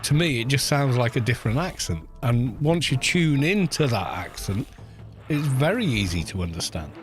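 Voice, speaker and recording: Heard over music, a British man in his forties speaks at a normal speed in a sing-song, mid-range voice. As he streams a game, he chats casually, wandering off on musings and often restarting.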